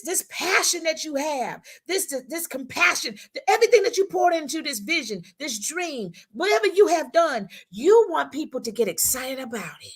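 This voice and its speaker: A woman co-hosting a women's talk show, giving a preacherly motivational talk with speech, repeating her lines and acting out how people talk. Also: extremely high pitch.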